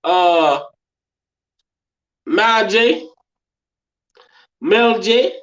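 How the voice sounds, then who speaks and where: A woman's voice: medium pitch, extremely slow, lo-fi sound. A woman vlogger in casual reaction commentary, chatty and exclaiming, talking straight to her viewers. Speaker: vlogger reacting to internet clips.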